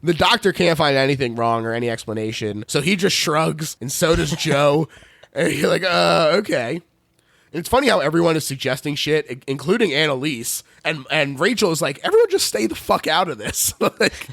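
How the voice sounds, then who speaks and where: This Philly-accented podcaster runs through a horror film in a loose, joking way, cussing and laughing throughout. His voice sits on the high side, creaky and a bit bright, at a moderate pace. No room sound comes through.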